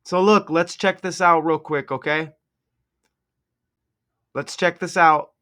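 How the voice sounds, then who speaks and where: A man's voice: fairly high pitch, fairly even intonation, takes it slowly, sharp tone. A man hosting a casual video, commenting sarcastically over game footage and laying out number-cipher theories. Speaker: sports commentary video host.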